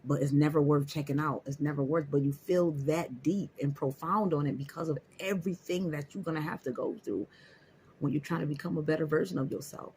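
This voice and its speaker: A man's voice: a little high, fairly even intonation, fairly quick, darkish tone, slight background noise. A man giving an emphatic, repetitive motivational talk to his viewers, speaking. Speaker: motivational vlogger. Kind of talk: casual motivational talk to camera.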